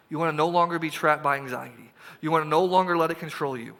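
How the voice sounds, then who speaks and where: A man preaching a sermon as pastor, animated and acting out little dialogues, now and then dropping to a hushed, intense tone. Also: on the high side, quick pace, hardly any pauses, in a large hall. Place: church sanctuary.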